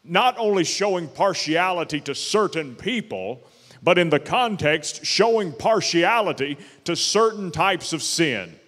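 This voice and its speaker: Man pastor preaching, kinda high voice, emphatic, slows way down on the big points, echoey church hall. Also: lively intonation, a bit bright. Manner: emphatic preaching, slowing on key words. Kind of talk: sermon. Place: church sanctuary.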